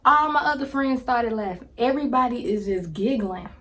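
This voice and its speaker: Animated slangy young woman telling a story. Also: fairly high pitch, normal speed. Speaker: storytime vlogger. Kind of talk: casual storytelling to camera. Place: indoors, home filming with ring light. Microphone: phone camera.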